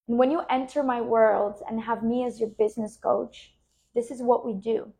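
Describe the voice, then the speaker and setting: A woman podcast host and business coach, speaking slowly and soothingly as she guides a relaxation and coaching reflection. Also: a little high, vocal fry, dark tone.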